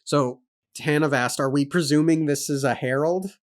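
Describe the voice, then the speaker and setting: A man's voice: fairly high pitch, normal speed. Thoughtful man talking through a book chapter. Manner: thoughtful, lists points and questions. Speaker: book club co-host. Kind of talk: casual book discussion.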